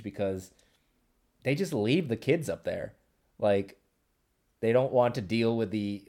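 Low-voiced young man in casual chat. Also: mellow. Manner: rambling, many ums and restarts, joking. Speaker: podcast host.

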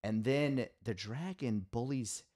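A man co-hosting a podcast, retelling a cartoon episode in an excitable, laughing way. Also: medium pitch, takes it slowly. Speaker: podcast co-host. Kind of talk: casual chat.

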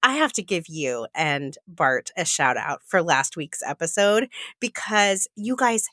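Podcast host lady, bit husky from being sick, voice jumps around a lot, chatty. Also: lowish voice, unhurried, dry recording, studio quality. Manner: animated, chatty with fillers. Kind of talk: casual podcast chat.

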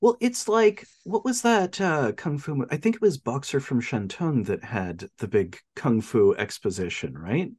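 A man's voice: medium pitch, moderate pace, few pauses, breathy edge, dry recording. A man co-hosting a film podcast in casual chat, chuckling often and retelling scenes. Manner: chuckling, retells scenes with animated quoted lines.

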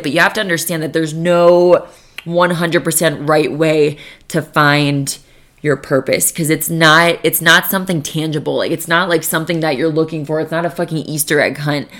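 Young female solo podcast host, low voice, profane, rambling, heavy "like" fillers. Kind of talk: casual solo podcast monologue. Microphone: podcast microphone.

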